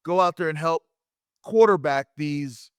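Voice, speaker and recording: A man in his fifties, a former wrestler and interview guest, telling lively anecdotes and acting out quotes with frequent restarts. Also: on the high side, unhurried, clean tone, no echo, studio quality. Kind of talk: animated storytelling in a podcast interview.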